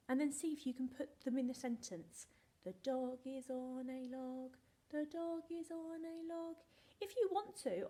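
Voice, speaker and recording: A primary school teacher with a high, mellow voice records a phonics lesson aimed at young children. Playful and sing-song, she breaks words down letter by letter and pretends she's stuck without their help.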